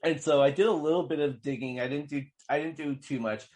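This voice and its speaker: A man's voice: fairly high pitch, steady tone, a little fast, a little mellow. A man co-hosting a podcast, chatting casually about a film, with lots of fillers and restarts. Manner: rambling, many fillers and restarts. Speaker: podcast co-host. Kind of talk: casual film review chat.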